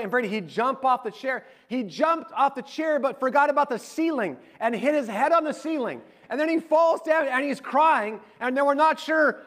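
A pastor in his forties with a high-pitched voice delivers a sermon in a chatty, animated storytelling way. He acts out the quotes as he talks.

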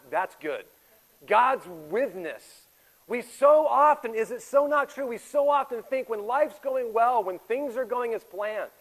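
A man in his forties preaching a sermon as a pastor, swinging between loud emphatic stretches and hushed, intimate ones. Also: high voice, low-quality recording. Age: 40s. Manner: animated, shifts from loud emphatic to quiet intimate.

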